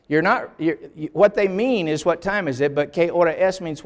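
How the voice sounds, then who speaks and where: A man's voice: on the high side, normal speed, few pauses. An older man giving an emphatic classroom lecture on the Bible, explaining step by step and asking for the next slide. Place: lecture hall. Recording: long hall reverb.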